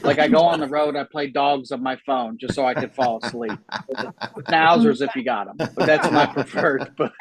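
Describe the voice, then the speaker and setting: A man's voice: mid-range voice, normal speed, a crowd in the background, rough recording. A man in his thirties doing a chatty, self-deprecating stand-up set from home on a video call, often laughing at his own jokes. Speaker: stand-up comedian. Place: home room, a former salon.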